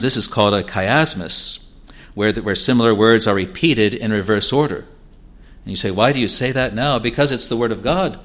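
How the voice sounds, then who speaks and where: A man preaching a sermon, measured and emphatic, often repeating words and phrases. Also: medium pitch. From New Zealand.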